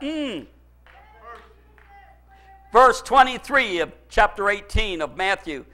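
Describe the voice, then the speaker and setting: Pastor guy preaching, high voice, real bright, goes quiet then shouts, chuckles a lot. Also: moderate pace, faint music behind. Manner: fervent, swings from low asides to shouted pleas. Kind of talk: sermon.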